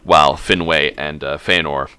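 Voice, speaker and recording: Low-voiced man rambling through a tale. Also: steady tone, normal speed, sharp tone, smooth, no room sound. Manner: rambling, swearing, self-correcting. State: drinking. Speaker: streamer. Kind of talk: casual retelling of a fantasy book.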